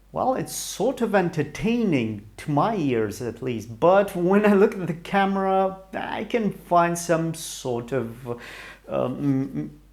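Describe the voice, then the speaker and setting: A man's voice: a little high, a little mellow. Middle-aged romanian guy rambling to camera in english, hesitant, lots of restarts, takes his time. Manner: hesitant, searching for words, many restarts. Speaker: YouTuber. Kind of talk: rambling solo talk to camera.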